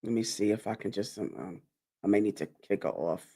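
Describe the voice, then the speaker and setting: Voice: sits low, a little fast, warm tone, breathy edge. Encouraging host on a video call. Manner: encouraging, frequent affirmations. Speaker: interview host. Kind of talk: casual interview.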